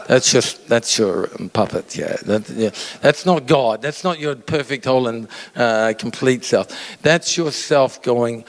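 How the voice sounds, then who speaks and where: Male pastor preaching slow and chatty, mid pitch, big reverb from the church hall. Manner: conversational, asks the audience questions, acts out inner voices. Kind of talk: sermon. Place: church auditorium. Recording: long reverb of a large hall.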